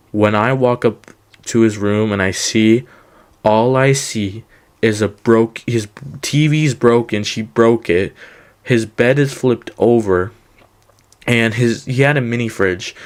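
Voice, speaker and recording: A young man casually telling a rambling personal story, full of fillers and "he goes" quotes. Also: medium pitch.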